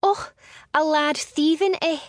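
A woman voicing a sharp-tongued, defiant young noblewoman in a storybook reading. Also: medium pitch, expressive, no room sound, studio quality, pitched above the performer's own voice. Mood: defiant, mocking. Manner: scornful, quick, mocking.

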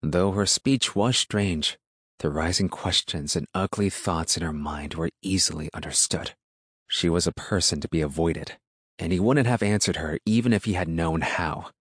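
A man reading a novel aloud as narrator, in a steady, measured storytelling manner. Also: sits low, slightly rough, no echo, clean studio sound. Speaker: audiobook narrator. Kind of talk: scripted narration.

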